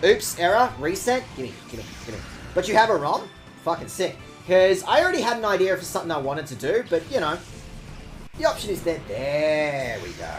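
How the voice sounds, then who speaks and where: A high-pitched man streams a video game, chatting casually with his viewers in a sarcastic, animated way and swearing often.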